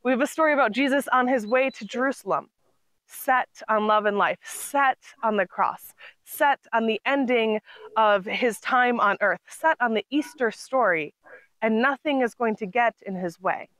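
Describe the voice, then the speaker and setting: A woman's voice: fairly high pitch, moderate pace, a bit bright, no echo, poor audio. A woman intern pastor giving a recorded sermon in a conversational, storytelling way, with light laughs now and then.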